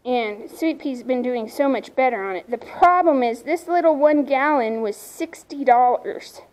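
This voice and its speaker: A woman vlogging outdoors on her farm in a casual, chatty way. Her voice sits a little high and she takes her time, drawing out her words. She turns aside now and then to talk to her animals. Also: lively intonation, measured pace, darkish tone, poor audio. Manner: chatty, talks to her animals between remarks. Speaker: horse owner vlogger.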